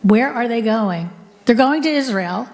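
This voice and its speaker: A woman's voice: fairly high pitch, animated, measured pace, a little mellow. Woman speaker in a reverberant hall. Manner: conversational, engages the audience with questions. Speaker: guest speaker. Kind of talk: talk to a live audience. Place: synagogue hall. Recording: long hall reverb from a live room.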